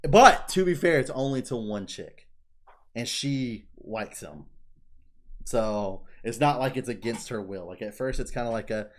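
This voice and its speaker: A young man co-hosting a casual podcast, retelling scenes in an animated way, swearing freely and breaking into silly voices. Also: medium pitch, measured pace. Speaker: podcast co-host.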